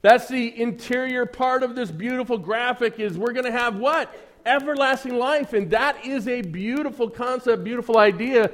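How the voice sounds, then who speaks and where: A man's voice: extremely high pitch, normal speed, fairly bright tone. A man preaching a Sunday sermon in a church, conversational and joking, with dry sarcasm and frequent rhetorical questions to the congregation. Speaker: pastor.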